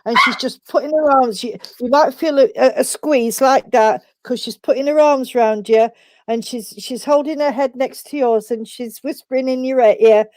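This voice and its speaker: A woman's voice: high-pitched, normal speed, darkish tone, dry recording. A woman giving spirit messages at a service, chatty and affectionate, calling people sweetheart. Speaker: spiritualist medium.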